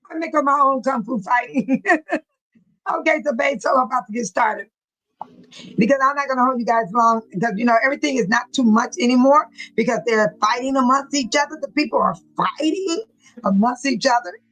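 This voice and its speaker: Woman, livestream host, chatty, laughs often, fairly high voice, warm greetings to viewers. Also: brisk, poor audio. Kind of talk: casual livestream chat, reading comments aloud.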